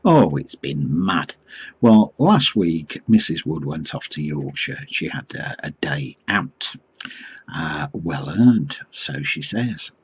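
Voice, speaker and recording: A man's voice: very deep voice, big pitch swings, slow pace, breathy edge, highs cut off. A middle-aged man, chatting to camera with dry, self-mocking humour. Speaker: vlogger talking to group members. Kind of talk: casual chat to camera.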